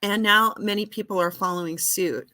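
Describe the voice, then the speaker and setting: Woman host, mid-pitched, bright and forceful tone, earnest lecturing delivery. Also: fairly even intonation, moderate pace. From United States. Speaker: host answering audience questions. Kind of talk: live Q and A talk.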